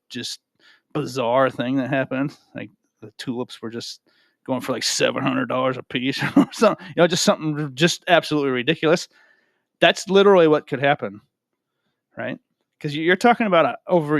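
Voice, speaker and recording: A man's voice: mid-range voice, a bit bright, no room sound, clean studio sound. A man giving casual, rambling talk to camera from home, often asking "right?" and repeating himself. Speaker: crypto video host. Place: home room with a cat.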